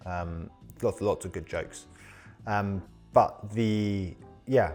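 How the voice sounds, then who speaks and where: A man's voice: on the low side, slow, a little mellow, faint music behind. A man hosting a casual podcast discussion, explaining at length with many ums and restarts. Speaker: podcast host.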